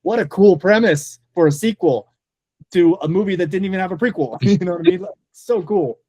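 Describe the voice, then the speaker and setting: A man's voice: sits high, a little fast, darkish tone, breathy edge, no echo. A man co-hosting a casual movie podcast, talking with enthusiasm and leaning on "like" as a filler. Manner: enthusiastic, heavy use of "like". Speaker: podcast co-host.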